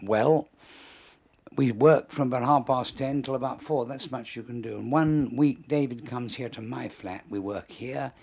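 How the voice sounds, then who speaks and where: An older man, a comedy writer and interview guest, telling lively anecdotes and chuckling at his own stories. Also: mid-range voice, unhurried, creaky. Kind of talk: anecdotal storytelling.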